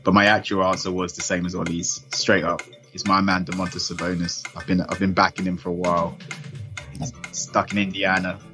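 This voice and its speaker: Low-voiced man reeling off stats. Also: little pitch movement, a little fast, music in the background. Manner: confident, stat-heavy, emphatic. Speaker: panelist. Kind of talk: casual panel chat.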